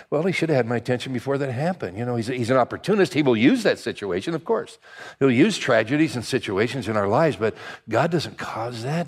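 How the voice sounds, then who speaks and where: An older man, a pastor, preaching a sermon in a chatty storytelling way, with lots of restarts and lively asides. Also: medium pitch, brisk, husky. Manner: conversational storytelling, many restarts, animated asides.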